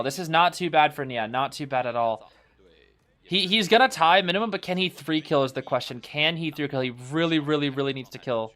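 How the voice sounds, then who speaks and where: A man casually co-watching an esports final, reacting excitedly and often saying "bro". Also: a little high, a little fast. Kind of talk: casual live watch-along commentary.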